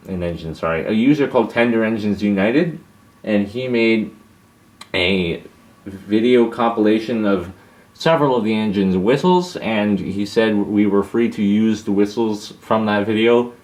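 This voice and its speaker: A man's voice: fairly low pitch, measured pace, a little mellow. A young man answering viewer questions in a casual, hesitant monologue, with many fillers and restarts.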